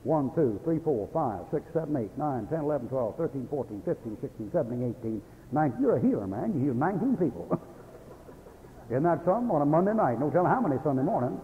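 Here the preacher's voice is fairly high and sing-song, and he moves along fairly quickly. This older Baptist man spins folksy stories with chuckles and sudden flashes of anger, on a tinny old radio broadcast from a hall with a little background noise.

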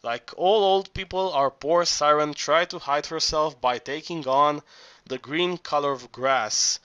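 Bright-voiced man reading with stumbles. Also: a little high, clean tone, dry recording, dull audio. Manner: halting, frequent restarts and stumbles. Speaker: audiobook narrator. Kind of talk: amateur audiobook reading.

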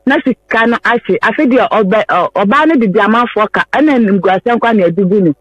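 A woman's voice: medium pitch, brisk, no echo, highs cut off, soft background music. A woman from Ghana, a caller, earnestly recounting her personal story on a radio phone-in, pleading and repeating herself.

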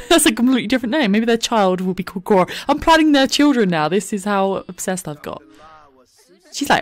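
Brief: woman, let's play commentary, bouncy, lively pitch, giggly and gushing, close dry mic. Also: brisk, no echo. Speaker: gaming YouTuber. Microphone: desk microphone.

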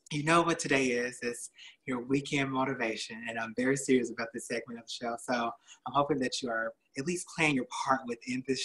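Bright-voiced chatty male host. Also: medium pitch, low-quality recording. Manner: chatty, laughing, animated retelling. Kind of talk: casual motivational storytelling.

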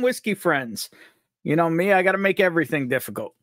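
Hosting a live stream, a man from upstate New York is upbeat and jokey, reading out viewers' chat names to greet them. His voice sits high with big pitch swings, a moderate pace and a slightly bright tone. The studio sound is clean with no room echo.

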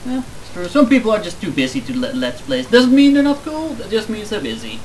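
A man's voice: high-pitched, huge pitch swings, fairly quick, a little mellow, far from the mic, a little hiss or hum, low-quality recording. A man playing a video game with a friend, teasing him, joking and swearing when he loses. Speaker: let's play commentator. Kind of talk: casual gaming banter.

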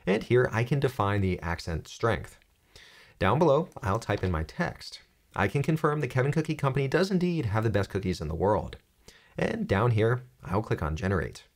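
A young man guiding viewers through a software tutorial. His voice moves lively up and down as he explains each click, with a light, joking touch. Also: on the low side, normal speed, gravelly. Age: young adult. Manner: upbeat, jokey step-by-step explaining. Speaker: tech tutorial host. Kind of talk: screen-recorded software tutorial.

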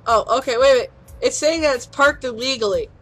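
A woman's voice: high voice, brisk, fairly bright tone. A woman casually playing a video game with a child, laughing often and coaxing her along. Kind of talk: casual let's-play chat. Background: faint chiptune music.

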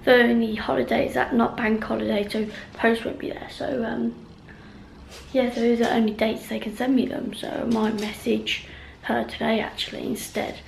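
Rambling vlogger woman with gravelly voice. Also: fairly high pitch, level tone, moderate pace, a little hiss or hum, poor audio. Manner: rambling, many ums and restarts. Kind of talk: casual vlog chat. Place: at home.

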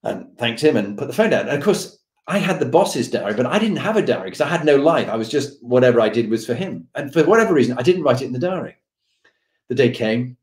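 A middle-aged man, a podcast host being interviewed, telling an anecdote with animated delivery. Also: mid-range voice, quick pace. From United Kingdom. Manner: animated, acts out the voices of the people in his stories. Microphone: video call. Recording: roomy echoey room.

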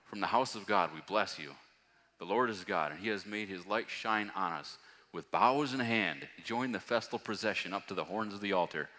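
A man preaching a sermon, reading scripture aloud and rising to loud, emphatic passages. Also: fairly low pitch, normal speed. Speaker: pastor. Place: church hall. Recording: long hall reverb.

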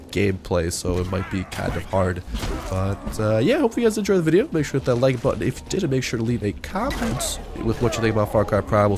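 Brief: man, nasal and slightly low voice, easygoing gameplay commentary, a faint hiss underneath. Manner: casual, rambling, with many fillers. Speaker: gaming channel host.

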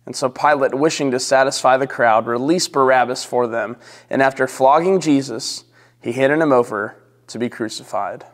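A male pastor slowly reading scripture and leading prayer in a measured, solemn way. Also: mid-range voice, big-room sound. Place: church sanctuary.

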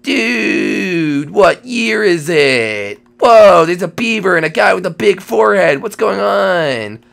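A lazy, drawling surfer-dude dinosaur, as a man acts him out in a Minecraft comedy role-play. His voice sits fairly high, crackles with heavy gravelly fry, and rolls out slow and easy, thick with slacker slang. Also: sing-song, fairly bright tone, heavily acted. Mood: laid-back. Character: laid-back surfer-dude male dinosaur thawed from ice.

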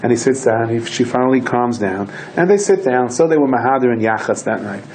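A man's voice: mid-range voice, a little fast, a little hiss or hum, poor audio. A man, a rabbi, telling stories in a Torah lecture, acting out his characters' lines. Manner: animated storyteller who acts out voices and shouts in quoted lines.

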